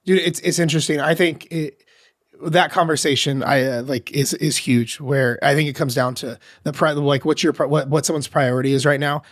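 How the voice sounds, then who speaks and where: A man's voice: fairly high pitch, steady tone, moderate pace. A man hosting a podcast, talking loosely with many fillers and restarts. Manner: loose, filler-heavy talk. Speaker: podcast host, diet coach. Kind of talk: casual podcast chat.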